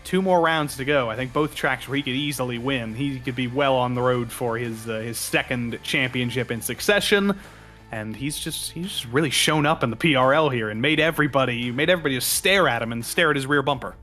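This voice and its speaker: A man's voice: mid-range voice, a little fast, bright, forceful tone, soft background music. A man giving color commentary on a racing broadcast, chatty and joking as he breaks down the track.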